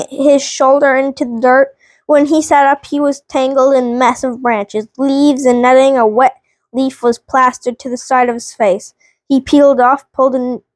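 Woman reading a storybook aloud, halting. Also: fairly high pitch, dry recording. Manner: halting reading with frequent restarts. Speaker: vlog host reading a book aloud. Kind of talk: reading a children's book aloud.

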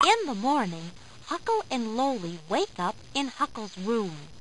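A woman narrating a children's storybook game in a slow, clear, expressive way. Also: a little high, a little hiss or hum, rough recording.

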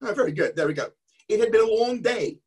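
A man's voice: sits high, expressive, fast, darkish tone, husky. A man telling an interactive story to an all-age church audience and cueing them to act along. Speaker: guest storyteller. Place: church service.

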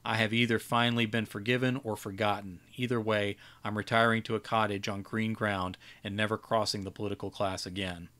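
A jaded old wizard, read by a man, grumbles through a dismissive lecture in a lowish voice. He sounds worn out and gruff, with little patience left. It is a plain storybook reading. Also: level tone, a little fast, few pauses, a bit bright, lightly acted. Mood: weary.

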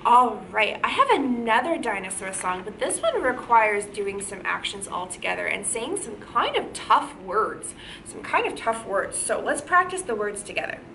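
A woman's voice: mid-range voice, big pitch swings, moderate pace, gravelly, bright, forceful tone, slight background noise. A woman leading a children's music lesson, singing in a bouncy sing-song way and calling out cheerful praise and cues. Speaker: kindergarten music teacher.

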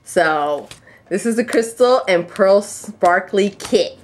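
A woman chats through an unboxing of her new craft kit, gushing at every item. She talks at an unhurried pace, but her voice swoops widely and jumps into high excited squeals. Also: a little hiss or hum. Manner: gushing, breathless exclamations, leaps to high squeals. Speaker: crafting vlogger.

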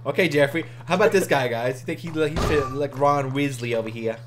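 A gaming video host giving let's play commentary, excitable, breaking into shrieking laughs and shouts. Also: medium pitch, brisk, background noise. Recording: loud background music.

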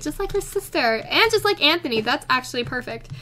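A young woman hosting a casual let's play, chatty and excitable, talking to the characters on screen. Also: high-pitched, a little fast. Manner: chatty, excitable, talks to her game characters. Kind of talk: casual game commentary.

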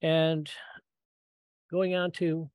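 A middle-aged man giving a storytelling talk, lively and acting out the voices he quotes, with frequent ums and uhs. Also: on the high side, drawn-out words, clean tone, no room sound, narrow, tinny audio. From Michigan, US. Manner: animated, acts out quoted voices, many fillers. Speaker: guest speaker.

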